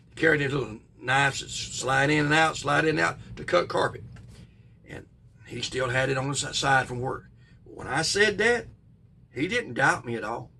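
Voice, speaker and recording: Guy spinning a spooky story, raspy bright voice, slow folksy telling then bursts. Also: on the high side, recorded from a distance. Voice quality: gravelly, husky. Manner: folksy, drawn-out retelling with sudden bursts. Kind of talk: casual spoken ghost story.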